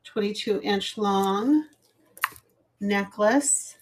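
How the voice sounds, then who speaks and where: A woman's voice: medium pitch, very slow, slight background noise. A middle-aged woman hosting a casual live jewelry sale, chatty and rambling, laughing at her own fumbles. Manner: chatty, rambling, self-deprecating. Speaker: live jewelry auction host. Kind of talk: casual live selling chat.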